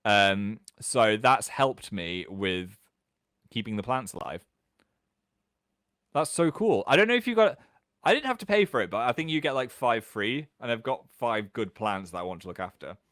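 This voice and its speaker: A British man in his thirties hosting a casual livestream from home, chatting and reading out viewer comments in an animated way. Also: no echo, studio quality. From England. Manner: chatty, animated, quick jumps in pitch. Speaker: livestream host.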